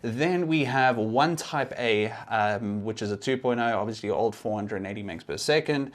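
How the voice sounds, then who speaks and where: A man's voice: fairly low pitch, normal speed. A young man giving a casual, explanatory tech review, occasionally restarting his sentences.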